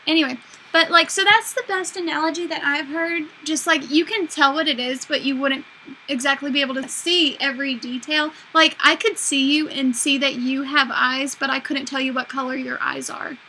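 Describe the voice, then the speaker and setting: A young woman with a high, bright voice chats casually and giggles. She fills her talk with "like", and a faint hiss runs underneath. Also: steady tone, normal speed, low-quality recording. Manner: giggly, filler-heavy, lots of "like". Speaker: video co-host. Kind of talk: casual chat.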